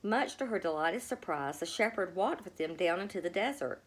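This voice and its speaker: A woman reads a children's story aloud in a gentle, expressive way. Her voice sits a little low, yet it swings widely up and down as she tells the tale. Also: moderate pace, slightly rough. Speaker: storybook reader. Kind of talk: storybook read-aloud narration.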